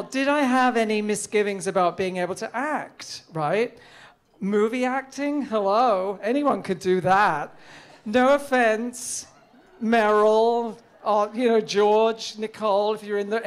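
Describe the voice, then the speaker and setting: A man's voice: high-pitched, a little slow, smooth. A middle-aged man telling a comic story on stage in a witty, theatrical, camp manner.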